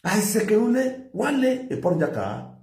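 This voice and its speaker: A man's voice: high voice, sing-song, slow, darkish tone, roomy sound. A man with a Nigerian accent, lecturing and scolding in a commentary, mixing pidgin with a local language. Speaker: social media commentator.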